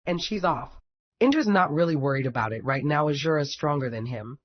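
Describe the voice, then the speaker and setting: A man's voice: on the high side, brisk. A man reading a fan fiction story aloud in a wry, casual storytelling manner. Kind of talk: audiobook narration. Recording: dull lo-fi recording.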